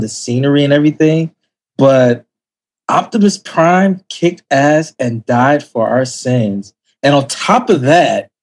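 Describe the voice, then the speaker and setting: A man's voice: a little high, slightly rough. A man on a podcast panel, talking casually and explaining his picks at length with enthusiasm. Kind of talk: casual chat.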